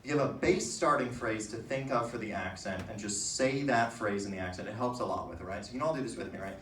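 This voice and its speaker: A young man performing a stand-up comedy set, chatty and playful, tossing in quick "right?" asides. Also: lowish voice, a bit bright, a little hiss or hum. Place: comedy venue with live audience. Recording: echoey room, distant mic.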